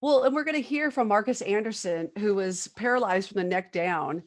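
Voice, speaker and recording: A woman's voice: medium pitch, normal speed, slight background noise. A woman hosting a podcast interview, chiming in with enthusiastic, affirming remarks. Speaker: podcast host. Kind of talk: interview conversation.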